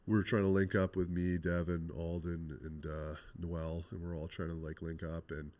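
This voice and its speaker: A man's voice: sits low, flat delivery, normal speed, darkish tone. A young adult man from Canada, a podcast guest telling a rambling story full of swearing and "like.". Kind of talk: casual storytelling interview.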